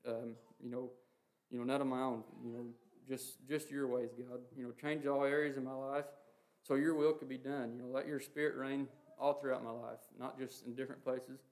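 Earnest halting preacher man, monotone. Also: mid-range voice. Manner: halting, heavy with "you know" and "um" fillers; earnest, reads scripture quotes aloud. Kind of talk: informal sermon on the Lord's Prayer.

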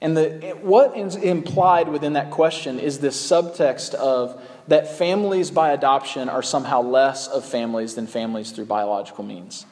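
A man's voice: mid-range voice, normal speed, a little mellow, big-room sound. A man preaching a sermon in a conversational way, with frequent ums and uhs. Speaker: pastor.

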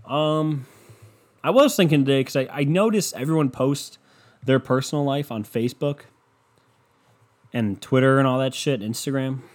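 Young male podcaster, solo rant, sarcastic, swears a lot, rambling, mid pitch. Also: normal speed, long pauses. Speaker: podcast host.

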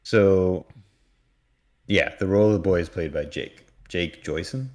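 Deep-voiced man, joking podcast recap. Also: a little slow. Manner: animated, joking storyteller. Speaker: podcast co-host. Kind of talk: casual episode recap.

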